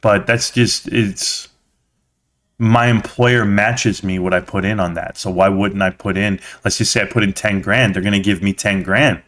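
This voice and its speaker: A man's voice: fairly low pitch, fairly even intonation, moderate pace, fairly bright tone. A man hosting a casual live stream, chatting with viewers as a slangy, blunt storyteller.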